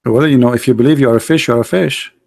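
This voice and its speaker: A man delivering an argumentative monologue as a street debater, emphatic and scornful, repeating himself and swinging between loud outbursts and low asides. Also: very fast, gravelly.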